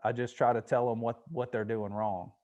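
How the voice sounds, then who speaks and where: A man hosting a casual podcast, telling personal stories in an easy, unhurried way. He swears often without heat, and his voice sits at an ordinary middle pitch for a man. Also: level tone, a little mellow, dull audio. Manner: laid-back storytelling with frequent swearing. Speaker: podcast host.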